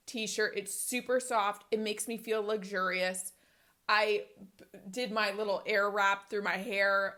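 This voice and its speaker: A woman in her thirties talks to her viewers in a casual, upbeat way. Her speech rambles and jumps between thoughts. It sounds like a relaxed home vlog. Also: mid-range voice, normal speed. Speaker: vlogger. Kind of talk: casual talk to camera.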